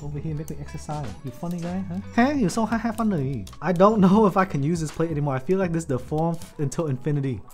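A man giving casual, joking livestream commentary as he builds a keyboard, excitable and swearing often while talking to his viewers. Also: a little high, fast talker, hardly any pauses, faint music behind. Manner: excitable, profane, joking, talks to chat.

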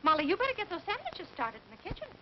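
A woman's voice: extremely high pitch, huge pitch swings, very fast, exaggerated voice. An actress playing a fussy middle-aged housewife who nags her husband, in a 1940s film. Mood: fussing. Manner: nagging, fussy. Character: fretful middle-aged housewife with social ambitions. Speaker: wife and mother. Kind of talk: 1940s film comedy acting. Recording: dull 1940s film soundtrack with faint hiss.

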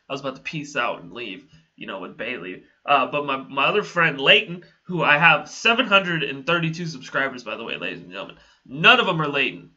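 A man's voice: mid-range voice, bright, forceful tone, dull audio. A young man telling a casual story to his channel, rambling, laughing often and swearing freely. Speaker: vlogger.

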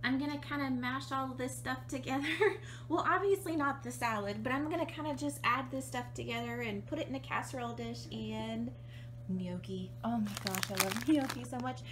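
A bubbly young woman chatting to her camera at home, giggly and quick to exclaim. Her voice is high and bright, with a faint hiss behind it, and she is talking through a lingering cold. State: has a cold. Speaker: vlogger and streamer. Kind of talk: casual vlog chat. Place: home kitchen and computer desk.

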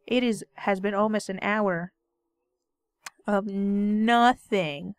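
A woman's voice: medium pitch, takes it slowly, dry recording. A woman giving casual gaming commentary, bantering playfully and sarcastically with the character on screen. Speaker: let's play gamer.

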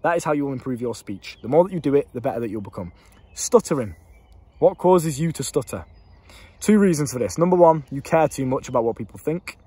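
A man's voice: mid-range voice, animated, a little fast, dark tone, slightly rough, dry recording. A young British man and life coach, talking casually to a handheld camera, swearing freely and rambling.

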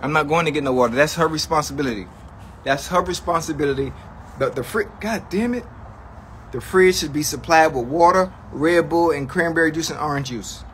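A man's voice: fairly high pitch, fairly quick, fairly bright tone, a little hiss or hum. A man ranting to his livestream chat in a comedic, mock-outraged way, slangy and profane, repeating lines for effect.

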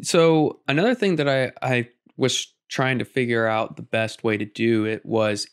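A young man in his twenties, a podcast co-host and narrator, explaining his process in casual, halting talk. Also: medium pitch, clear, resonant tone. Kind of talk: casual chat.

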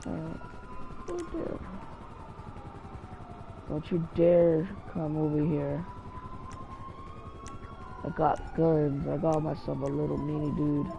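A young man giving excitable, swear-sprinkled commentary while playing a video game and talking to himself. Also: on the high side, gravelly, dull audio. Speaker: gaming channel host. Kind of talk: live gameplay commentary.

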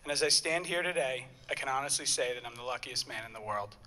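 A man's voice: mid-range voice, quick pace, bright, forceful tone. A young man, the groom, reading earnest wedding vows at his ceremony. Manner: earnest, a bit nervous, stumbles once.

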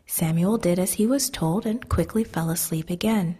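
Soft-spoken breathy woman telling a story. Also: fairly low pitch, normal speed. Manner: soft, gentle, often whispering. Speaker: children's story reader. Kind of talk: children's Bible story narration.

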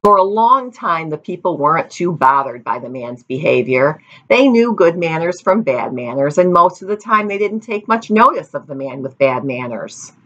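A woman reading a storybook aloud to children, lively, with playful asides, on a dull lo-fi recording. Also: sits low, normal speed, hardly any pauses.

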